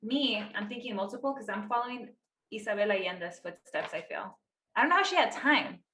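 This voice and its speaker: A woman's voice: on the high side, expressive, brisk, bright, forceful tone, roomy sound, a little hiss or hum. A woman in her thirties co-hosting a podcast in casual chat, talking loosely with lots of fillers and acting out quotes. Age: 30s. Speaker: podcast co-host.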